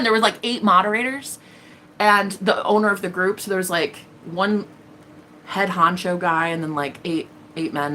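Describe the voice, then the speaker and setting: A woman's voice: medium pitch, normal speed, pushed and bright, slight background noise. A woman hosting a tarot livestream, speaking bluntly and defiantly, with plenty of profanity and acted-out quotes. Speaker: tarot reader and livestream host. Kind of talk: casual livestream monologue.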